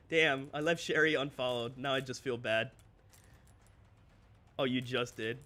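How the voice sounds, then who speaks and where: A man streaming live, chatting candidly with his viewers, ranting and swearing freely with quick laughs. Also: medium pitch, wildly swooping pitch, sharp tone. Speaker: streamer and content creator. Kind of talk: casual livestream chat.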